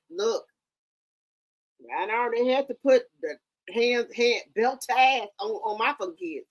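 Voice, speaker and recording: A woman with a high, piercing voice rants into her livestream, loud, confrontational and thick with profanity. She stammers through repeated words and keeps hurling rhetorical questions, her tone sharp and bright throughout.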